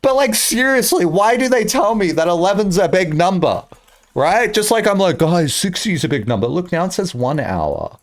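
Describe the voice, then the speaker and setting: Lively man rambling on stream. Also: sits high, normal speed. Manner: rambling, joking, swearing, bursts of shouting. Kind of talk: casual live-stream chat.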